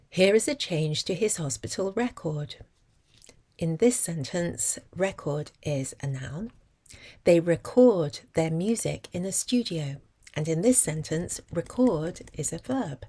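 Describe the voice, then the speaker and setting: A woman explaining phonics in a measured lesson, sounding out word parts slowly. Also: low-pitched, a little mellow. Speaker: literacy teacher.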